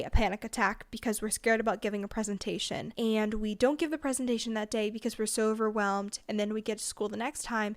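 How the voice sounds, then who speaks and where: A teenage woman hosting a solo advice podcast, talking earnestly and reassuringly in quick, list-like runs. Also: on the high side, no echo, clean studio sound. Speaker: podcast host.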